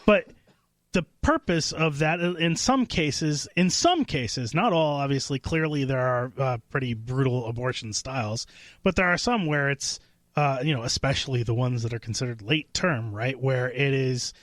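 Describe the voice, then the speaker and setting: A man's voice: medium pitch, moderate pace, fairly bright tone, no echo. A man co-hosting a talk radio show, hesitant, with many fillers and frequent chuckles. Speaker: radio co-host. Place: radio studio. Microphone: studio microphone.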